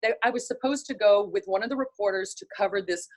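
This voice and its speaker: Speaking quickly at a medium pitch, this middle-aged North Carolina woman with a Southern accent shares stories as an interview guest in casual conversation. A TV writer and presenter, she animatedly acts out the people she quotes.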